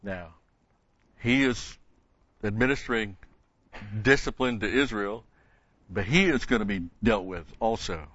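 A man with a low voice teaches scripture in an expository sermon. He leans hard on key words and repeats them for stress. The recording is dry and a little dull. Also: unhurried, pauses often, fairly bright tone, husky, no echo. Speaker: Bible teacher.

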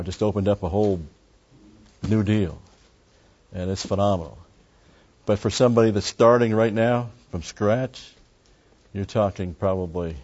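An older man leading an informal Bible study in a rambling, folksy way, slowing down and raising his voice to read verses aloud. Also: sits low, darkish tone, highs cut off. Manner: rambling, folksy, with many digressions and "uh" fillers.

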